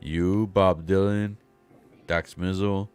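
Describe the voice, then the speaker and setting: A young man with a fairly low voice, co-hosting a casual collectors' livestream on a video call. He jokes around loudly and drops slang into almost every line, with faint music playing underneath. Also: fairly even intonation, slow, clean tone. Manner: loud, joking, drops slang like bro and fool. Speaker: podcast co-host.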